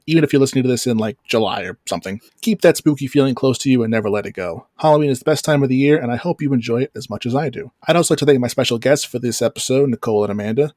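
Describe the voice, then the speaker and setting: A man's voice: medium pitch, no room sound, studio quality. A man hosting a horror podcast, chatting casually and laughing as he talks. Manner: chatty, laughs while talking. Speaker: podcast host.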